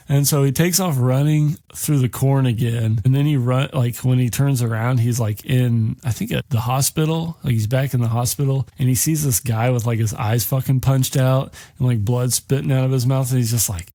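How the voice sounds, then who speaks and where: A man's voice: mid-range voice, fairly even intonation, normal speed, mellow, no room sound, clean studio sound. Rambling, foul-mouthed man recapping a movie. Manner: rambling and heavily profane, acting out characters' lines. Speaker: podcast host.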